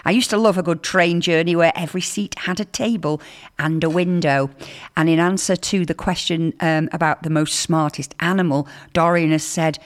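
A woman hosting a radio show in casual chat, reading out listener messages with chatty, lively emphasis. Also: on the low side, moderate pace. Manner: chatty, reads texts aloud with lively emphasis. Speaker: radio host.

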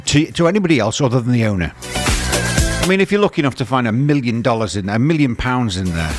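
A man's voice: mid-range voice, expressive, fast talker. An older man presenting on radio, rambling conversationally and throwing rhetorical questions at listeners. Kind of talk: chatty radio talk. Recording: music playing underneath.

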